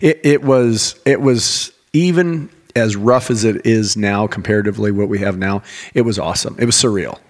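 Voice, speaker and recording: A middle-aged man, a father hosting a podcast, telling animated, rambling stories in casual chat. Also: fairly low pitch, normal speed.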